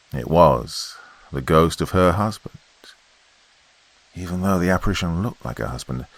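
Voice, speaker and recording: A man narrating a scripted horror story in a dramatic, measured way. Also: low-pitched, creaky, a bit bright.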